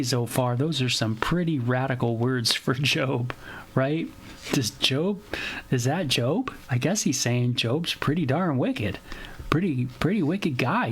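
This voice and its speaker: Casual, animated man talking through scripture. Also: mid-range voice, unhurried, husky. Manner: conversational, animated, paraphrases scripture in everyday slang. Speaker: devotional host. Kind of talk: casual Bible devotional commentary.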